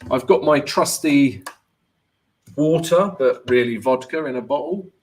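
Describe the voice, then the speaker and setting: A man's voice: mid-range voice, a little slow. A man hosting a live trading Q&A stream, chatty and joking, greeting viewers by name and dropping "right?" and "um" as he goes. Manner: fillers like "right?" and "um". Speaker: forex trading host.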